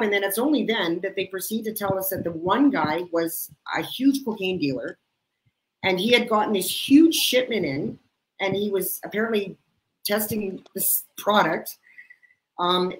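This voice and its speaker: Woman host, chatty storyteller, laughs a lot, mid-pitched, echoey room sound. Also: normal speed. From Canada. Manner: chatty, laughs often while telling stories. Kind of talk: casual storytelling chat.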